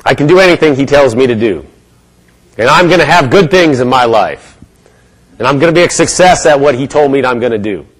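Male preacher, middle-pitched, emphatic, drops into a mumbled mocking inner voice and rises to bold proclamations. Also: expressive, fairly quick, rough recording. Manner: acts out a gloomy mumbling inner voice, then lifts to bold declarations. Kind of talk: sermon.

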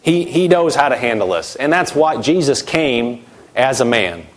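A man's voice: medium pitch, expressive, moderate pace. A middle-aged man preaching a sermon, emphatic, his voice rising and dropping sharply as he acts out quoted voices.

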